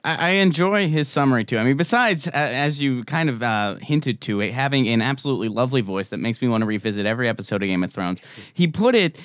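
A male co-host weighs in during a casual discussion, thoughtful and measured. He often pauses to search for the right words. His voice is smooth and resonant, recorded dry and close. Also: mid-range voice, expressive, no room sound.

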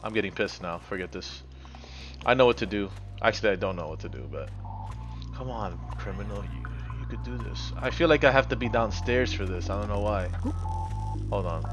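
A man's voice: lowish voice, lively intonation, fairly quick, fairly bright tone, soft background music. A man live-streaming a game, commenting casually, frustrated and swearing as he mutters to himself.

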